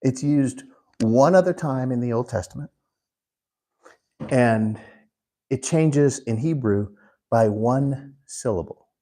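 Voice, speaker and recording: A man teaching a Bible class in an unhurried way, putting questions to the class. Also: medium pitch, warm tone. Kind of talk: interactive Bible class lesson.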